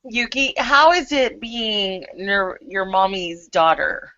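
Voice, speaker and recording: A woman's voice: mid-range voice, expressive, takes it slowly, bright, forceful tone, no echo. A woman hosts a casual online chat show, rambling in a loose, friendly way with plenty of ums. Her voice is dry and close, with muffled, lo-fi call audio. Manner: chatty, loose, filler-heavy. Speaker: host.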